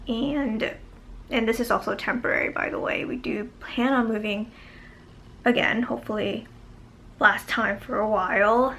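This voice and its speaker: A woman's voice: fairly high pitch, creaky, pushed and bright, a little hiss or hum. A young woman vlogging a casual life update, a bit short of breath and chatty, with lots of fillers.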